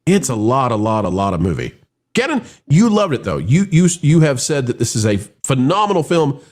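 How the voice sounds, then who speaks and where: A man hosting a live film review show, talking in an animated, rambling way with frequent restarts. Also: mid-range voice, a little fast.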